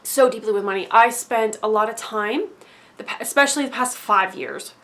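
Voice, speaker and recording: A woman's voice: a little high, moderate pace, a bit bright. A woman vlogger telling a casual story-time monologue, rambling and filling her talk with fillers and tag questions.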